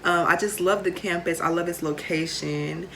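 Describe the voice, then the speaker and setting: A woman's voice: lowish voice, fairly even intonation, normal speed, gravelly, a bit bright, a little hiss or hum. A young woman, chatting casually to camera with lots of fillers and playful asides. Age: late teens. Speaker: vlogger.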